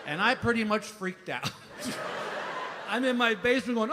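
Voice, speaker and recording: A man's voice: extremely high pitch, animated, moderate pace, pauses often, noisy background. A man, telling a frantic, self-mocking stand-up story on stage. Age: 50s. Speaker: stand-up comedian. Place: theater stage. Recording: live stage mic in a reverberant hall.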